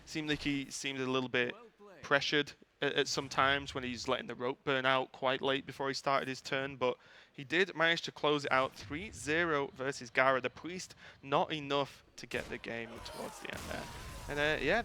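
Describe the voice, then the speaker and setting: A man casting a live esports match at a tournament venue, talking in quick, chatty play-by-play full of fillers. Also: medium pitch, bright, forceful tone, a little hiss or hum. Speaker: esports caster. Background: music.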